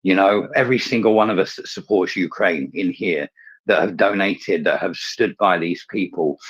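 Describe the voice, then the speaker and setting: A man's voice: low-pitched, moderate pace, slightly rough, highs cut off. A man in an online audio chat room ranting angrily, swearing and fuming as he talks. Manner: angry, fuming; swears heavily. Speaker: participant in a live audio chat space. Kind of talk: impassioned rant.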